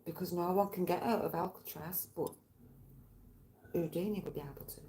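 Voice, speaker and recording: A woman's voice: on the low side, steady tone, moderate pace, warm tone, a little hiss or hum. Rambling woman in a roomy space. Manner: rambling, tangential storytelling with swearing. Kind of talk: casual chat. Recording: roomy, faint background ambience.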